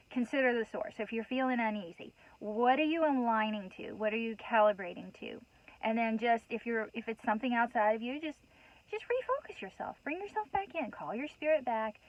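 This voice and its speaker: A host with a fairly high voice speaks to her viewers about spiritual matters in an earnest, heartfelt, rambling way. She gets emotional and somewhat worked up, restarting often and saying "you know" a lot, and the recording's highs are cut off.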